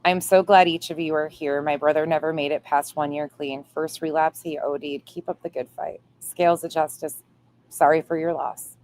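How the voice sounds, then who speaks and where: Low-voiced woman reading live chat. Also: steady tone, normal speed, darkish tone. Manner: reads viewer comments aloud, swears playfully. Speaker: livestream host reading chat. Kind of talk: casual livestream chat.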